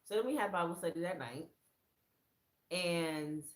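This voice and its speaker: A woman sharing a faith testimony from her room in casual, excited storytelling. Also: unhurried, roomy sound. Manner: excited storyteller who acts out quoted lines in a much higher voice. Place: her own room, indoors.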